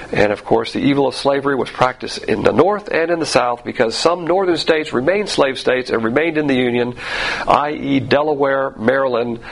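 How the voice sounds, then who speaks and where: A man's voice: medium pitch, creaky, rough recording. A man preaching a sermon, emphatic, with rhetorical questions and frequent fillers. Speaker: pastor.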